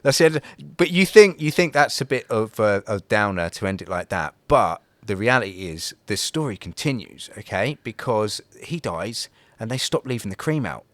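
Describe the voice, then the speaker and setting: A podcast co-host tells a folk tale in a rambling, casual chat full of fillers, restarts, and swearing. His voice is on the low side and very animated, moving at a normal speed with hardly any pauses, in a dry recording.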